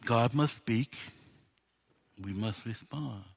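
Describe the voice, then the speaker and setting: A man's voice: medium pitch, takes it slowly, creaky. A man preaching a sermon in a conversational, humorous way, acting out the dialogue of the story.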